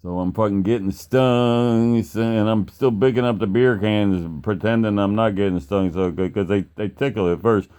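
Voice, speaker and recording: A man's voice: on the low side, fairly even intonation, moderate pace, few pauses, darkish tone, clear, resonant tone. A man telling a story casually, rambling and swearing, with plenty of fillers. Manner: rambling and profane, with many fillers and acted-out quotes.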